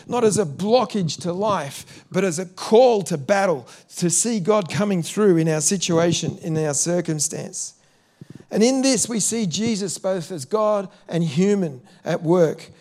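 A man's voice: sits high, darkish tone. A man preaching a sermon, earnest, with some repeated words and direct questions to his listeners.

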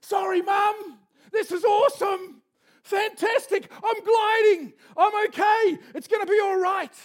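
A man voicing a panicky baby eaglet in a sermon story, with squealing, shouted cries. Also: extremely high pitch, slow pace, pitched above the performer's own voice. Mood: thrilled.

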